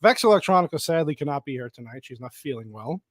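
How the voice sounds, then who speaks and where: Man, podcast host, casual chat, joking, fairly high voice, dry. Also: expressive, fast talker, no room sound. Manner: joking, laughs often.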